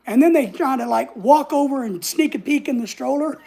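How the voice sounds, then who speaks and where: A husky woman tells a story in a casual vlog, sassy and blunt, swearing freely. Her voice has a gravelly edge, and it sits a little high. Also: normal speed, warm tone. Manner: sassy, blunt, swears freely, acts out other people's lines. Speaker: vlogger.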